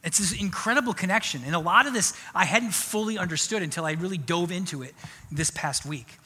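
A man preaching a sermon in a conversational, animated way. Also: high voice, a little fast, breathy edge. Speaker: pastor. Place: church sanctuary. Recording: long church hall reverb.

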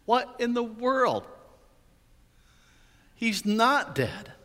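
A man's voice: very high-pitched, sing-song, drawn-out words, fairly bright tone. A man preaching an Easter sermon in a church, telling the story with animation and playful asides. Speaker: pastor. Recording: hall reverb.

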